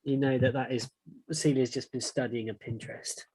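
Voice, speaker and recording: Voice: medium pitch, level tone, moderate pace, warm tone, a little hiss or hum, rough recording. Teasing, chatty tabletop player. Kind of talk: casual tabletop game chat.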